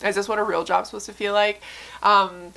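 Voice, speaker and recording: Bright-voiced young woman, candid and emotional. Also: medium pitch, level tone, a little fast, gravelly. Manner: earnest, emotional, many fillers and profanity. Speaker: book vlogger. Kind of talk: candid casual chat to camera.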